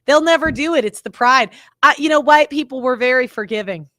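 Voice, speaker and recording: Woman host, emphatic and exasperated, stop-start delivery, a bit high-pitched, dry close mic. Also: fairly bright tone, dry recording. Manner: exasperated, emphatic, with halting restarts. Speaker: commentary host reacting to clips. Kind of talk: casual reaction commentary.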